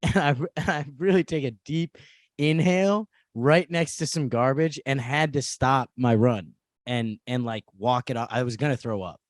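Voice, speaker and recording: A man co-hosting a casual comedy podcast, riffing along in loose banter with quick laughs. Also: medium pitch, no echo, studio quality. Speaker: podcast co-host.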